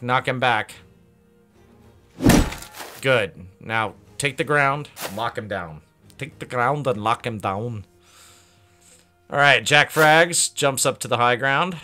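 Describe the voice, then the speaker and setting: A man narrating a let's play battle with a bright, forceful, smooth voice, taking his time and cheering each fighter by name. A little game music plays faintly behind him. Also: mid-range voice.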